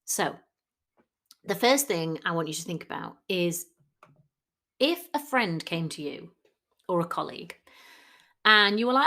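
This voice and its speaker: A woman coach giving a chatty solo podcast talk. She acts out quoted people in lively voices. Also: lowish voice, normal speed, pauses often.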